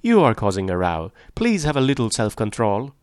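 A man's voice: very animated, normal speed, dry recording, clean studio sound. A man reading a story aloud, voicing an anxious young woman who pleads with the others. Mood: pleading. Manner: pleading, higher voice.

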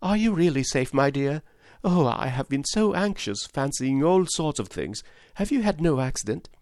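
A man voicing a gentle, anxious lady of the house, speaking with fretful concern. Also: fairly high pitch, very animated, normal speed, no echo, clean studio sound, voice pushed up.

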